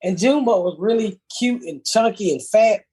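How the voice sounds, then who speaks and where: A middle-aged woman with a husky, slightly breathy voice hosts a casual podcast chat. She tells comic stories bluntly, full of profanity, and laughs as she goes. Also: medium pitch, moderate pace, warm tone. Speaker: podcast host. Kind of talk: casual comedic storytelling.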